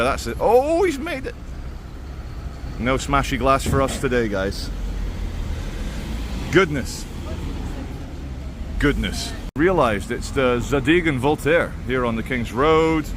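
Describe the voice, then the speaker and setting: A man walking city streets with a camera, giving sardonic running commentary as a vlog host. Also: a little high. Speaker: vlogger host. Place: outdoors on busy city streets. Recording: street traffic noise behind.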